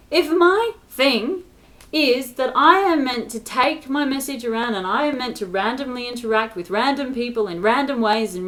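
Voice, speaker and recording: A woman's voice: a little high, a bit bright. A woman in an angry, exasperated rant to camera, swearing often and stressing her words. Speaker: spiritual vlogger.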